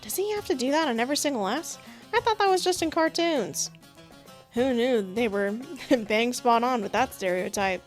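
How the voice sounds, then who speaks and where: Giggly gamer girl reading a dating sim, sarcastic little asides, soft music in the back. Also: on the high side, animated, normal speed. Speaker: gaming streamer. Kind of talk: casual let's-play commentary and reading aloud.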